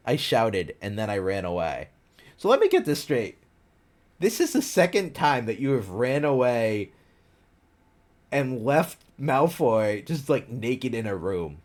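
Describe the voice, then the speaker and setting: A man's voice: mid-range voice, lively intonation, unhurried. A man streaming himself reading a fan fiction aloud, breaking off for sarcastic, incredulous asides. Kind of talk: reading a fanfic aloud with comments.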